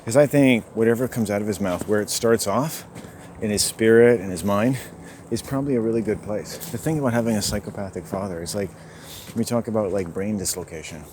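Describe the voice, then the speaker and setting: A man rambling to himself in a solo vlog while out hiking, musing and swinging between quiet and loud. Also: lowish voice, brisk, background noise. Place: outdoors on a hiking trail.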